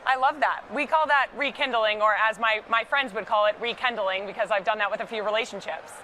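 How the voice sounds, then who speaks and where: A woman's voice: on the high side, brisk, pushed and bright, slight background noise, poor audio. A woman anchoring a live event broadcast from the studio, playful and bubbly in her banter.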